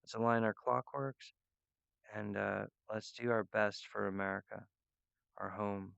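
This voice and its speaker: A man rambling earnestly and emotionally to his viewers, halting often with restarts and fillers. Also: on the low side, steady tone, vocal fry, fairly bright tone, smooth, no room sound, dull audio. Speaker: artist addressing viewers. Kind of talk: rambling direct-to-camera monologue.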